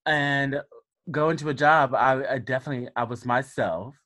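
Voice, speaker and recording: A man with a light Southern twang from Alabama speaks in a mid-range voice. He talks casually and reflectively, pausing and restarting as he thinks. The recording is dry and close. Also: mid-range voice, pushed and bright, no echo. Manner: reflective, with frequent restarts and fillers. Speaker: podcast guest. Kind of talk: casual conversation.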